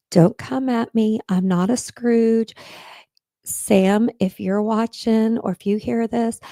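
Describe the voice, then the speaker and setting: A woman's voice: medium pitch, vocal fry, warm tone, no room sound. A woman hosting a casual true-crime live stream, chatting straight to viewers and making earnest pleas. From Texas. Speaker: podcast host.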